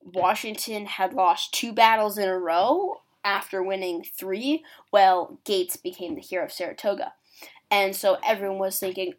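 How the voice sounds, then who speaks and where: A woman's voice: mid-range voice, steady tone, normal speed. A woman casually explaining history, chatty and acting out quotes with a lot of "like". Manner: chatty, acts out quotes, uses "like". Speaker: history presenter.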